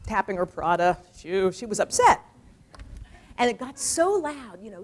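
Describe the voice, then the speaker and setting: Woman in her forties, speech with lively anecdotes, mid-range voice. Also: medium pitch, normal speed. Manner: lively, animated storytelling with quoted voices. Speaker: speaker giving a talk. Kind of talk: storytelling speech.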